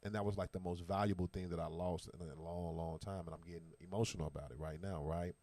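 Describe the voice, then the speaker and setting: A man with a somewhat low voice hosts a casual talk, speaking with emphatic, animated slang. The sound is dry and close, with no room echo. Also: quick pace. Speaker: podcast host. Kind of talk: casual chat.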